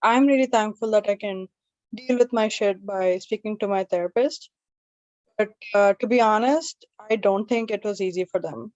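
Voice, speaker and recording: A woman's voice: mid-range voice, normal speed, darkish tone, dry recording, dull audio. A woman hosting an open mic and doing stand-up, telling stories in a chatty, self-deprecating way. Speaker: open mic emcee and comedian.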